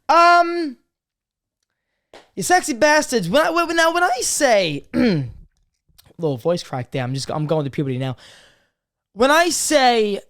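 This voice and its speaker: Crude, swearing young man vlogging. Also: on the high side. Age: 20s. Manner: crude, swearing, jumps between loud jokey greetings and quiet serious talk. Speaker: podcast host. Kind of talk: casual confessional vlog monologue.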